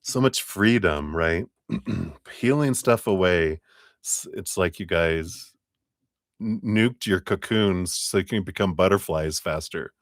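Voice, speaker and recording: Giggly low-voiced man reading tarot. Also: slow pace, noisy background. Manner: bubbly, giggly, sing-song vocal sounds. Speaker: tarot reader. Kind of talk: live-stream reading.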